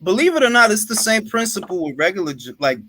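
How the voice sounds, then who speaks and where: A man hosting a casual boxing talk livestream, animated and swearing freely. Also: high voice, fast, background noise. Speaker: host.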